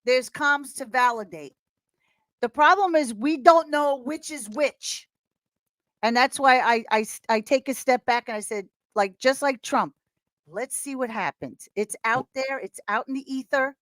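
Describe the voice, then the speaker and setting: A high-pitched woman chatting as a podcast guest, animated and rambling, breaking into laughter often. Her voice is close and dry with no room sound. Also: unhurried, dry recording. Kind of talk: casual chat.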